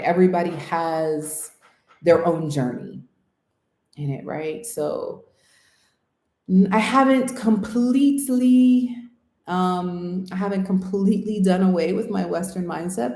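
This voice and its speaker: An earnest woman from the United States thinks aloud in a casual interview, her lowish, mellow voice ringing in a roomy space. She keeps tossing in "right?" as she works through her thoughts. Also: expressive, measured pace. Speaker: interviewee, channel host. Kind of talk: casual reflective interview talk. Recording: roomy echo.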